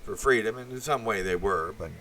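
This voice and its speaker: A man's voice: on the low side, fairly quick, bright, forceful tone, a little hiss or hum. A man giving a blunt, profane, meandering opinion monologue full of fillers. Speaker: channel host.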